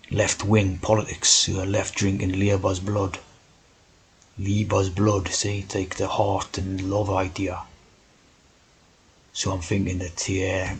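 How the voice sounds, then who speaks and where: A man's voice: low-pitched, slight background noise, low-quality recording. A man talking in a rambling monologue, tagging his points with "right?". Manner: meandering, keeps asking "right?". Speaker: video host.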